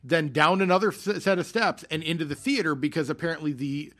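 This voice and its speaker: A man's voice: on the high side, brisk, a bit bright. A man telling a long theater story in casual podcast chat, rambling with many fillers and restarts. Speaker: podcast co-host.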